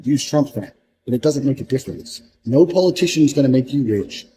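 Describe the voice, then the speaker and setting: A man's voice: mid-range voice, animated, a little fast, mellow, a little hiss or hum, low-quality recording. A man giving a blunt, profane motivational monologue, hammering points home through repetition. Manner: repeats points for emphasis. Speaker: motivational speaker.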